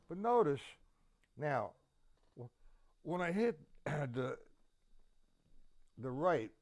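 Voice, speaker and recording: A man teaching a drum lesson, counting the beats aloud slowly and emphatically. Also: mid-range voice. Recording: loud drum kit over voice. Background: loud drums.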